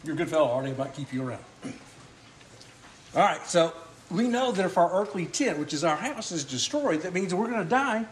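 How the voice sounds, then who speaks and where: A man delivers a sermon in a high voice, asking his congregation questions as he goes. He coughs now and then and keeps clearing his throat. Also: slight background noise. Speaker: preacher.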